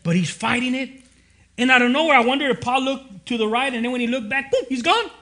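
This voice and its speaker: Male pastor, high-pitched voice, chatty and lively sermon delivery. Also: fast talker. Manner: casual, animated storytelling with slang and restarts.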